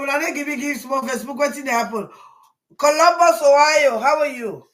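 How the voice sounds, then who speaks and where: A woman, hosting a casual live stream and greeting viewers one by one in a rambling way, with sudden loud bursts. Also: high voice, brisk.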